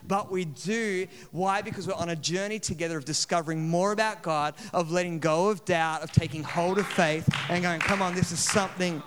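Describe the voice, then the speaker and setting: Man, pastor, humorous conversational sermon, fairly high smooth voice, reverberant church hall. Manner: chatty and humorous, with many restarts. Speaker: location pastor. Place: church auditorium. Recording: long reverb in a large hall.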